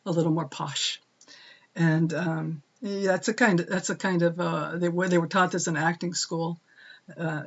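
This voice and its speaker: Gravelly-voiced woman reviewing books, hesitant. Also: on the low side. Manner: hesitant, many "uh" fillers and restarts. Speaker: book reviewer. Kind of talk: casual spoken book review. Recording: dull lo-fi sound.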